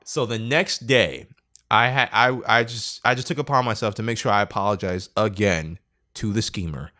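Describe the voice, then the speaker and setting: A young man, a podcast co-host, telling a story in casual chat and acting out quotes, laughing often. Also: moderate pace. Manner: animated, acts out quotes with big pitch jumps, laughs often.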